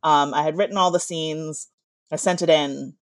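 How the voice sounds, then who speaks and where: Lisping woman with a low voice. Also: dry recording. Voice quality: slight lisp on z sounds. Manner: animated storyteller, quick asides. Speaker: author. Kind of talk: casual podcast chat.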